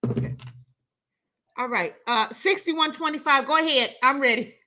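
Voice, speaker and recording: A woman's voice: high voice, normal speed, bright, forceful tone. A woman hosting a call-in show, talking casually and emphatically, repeating herself and cutting in on callers. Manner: emphatic, repetitive, interrupts callers.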